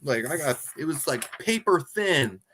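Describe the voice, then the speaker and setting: Excitable man co-hosting a podcast. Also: a little high, normal speed, slight background noise. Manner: excitable, talks through amusement. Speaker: movie review podcast co-host. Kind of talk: casual chat.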